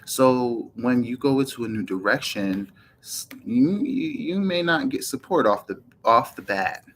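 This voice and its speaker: A man giving a casual tarot reading, meandering with frequent ums and restarts and often clearing his throat. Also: medium pitch, animated, measured pace, fairly bright tone, slight background noise, low-quality recording. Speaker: tarot reader.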